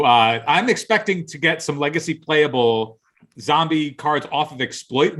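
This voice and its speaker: A man's voice: fairly high pitch, a bit bright. Enthusiastic man explaining strategy at length. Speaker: podcast co-host. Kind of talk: casual chat about card game spoilers.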